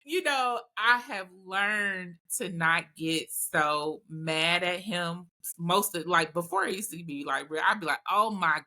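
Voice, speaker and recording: A woman's voice: fairly low pitch, measured pace, few pauses. A woman hosting a casual group chat, telling stories candidly and voicing her own asides. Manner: candid, animated storytelling with voiced asides.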